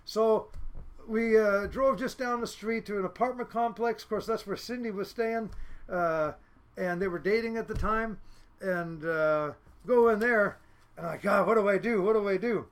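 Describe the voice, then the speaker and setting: A man from Seattle, a fishing boat captain, telling casual podcast stories in a lively way, full of fillers and laughs. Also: high voice, a little slow. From Seattle, United States. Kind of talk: casual storytelling.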